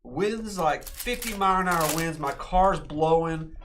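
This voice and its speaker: A man's voice: a little high, expressive, unhurried, a bit bright, a little hiss or hum. A man co-hosting a live card break stream, bantering and laughing with the host. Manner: laughing, banters about food. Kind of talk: casual live-stream chat.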